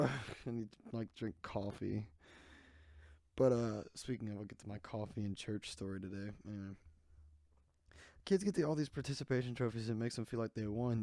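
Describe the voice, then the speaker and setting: A man's voice: mid-range voice, brisk, dark tone, dry recording, clean studio sound. A young man hosting a podcast on his own, talking in a rambling, sarcastic way and jumping from one tangent to the next in a small room. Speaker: podcast host. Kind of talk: casual solo podcast rant. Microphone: desk microphone.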